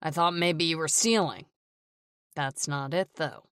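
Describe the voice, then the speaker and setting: Woman doing a drunk angry husband, slow and snarly, low dry voice. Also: fairly bright tone, smooth, no room sound. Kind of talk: audiobook character reading.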